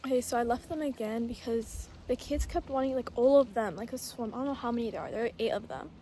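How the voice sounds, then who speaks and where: A woman's voice: on the high side, fast, dark tone. A young woman chatting to her phone camera outdoors in a casual travel vlog, playfully dramatic and full of "like". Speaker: travel vlogger. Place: outdoors in the countryside. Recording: noisy outdoor ambience.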